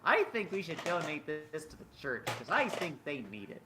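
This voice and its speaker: A man's voice: a little high, sing-song, normal speed. A man voicing an earnest, pious teenage boy cleric with a prim, overly polite sing-song delivery, on a noisy recording.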